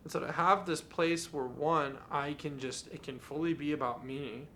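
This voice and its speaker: A man's voice: fairly high pitch, fairly even intonation, moderate pace, pushed and bright, slight background noise. A young adult man hosting a podcast, talking in an earnest, candid and confessional way in a casual monologue. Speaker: podcast host.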